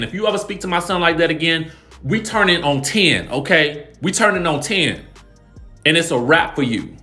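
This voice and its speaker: A man recapping reality TV drama in an animated, emphatic, slangy way. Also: fairly high pitch, normal speed, faint music behind. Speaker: celebrity gossip YouTuber.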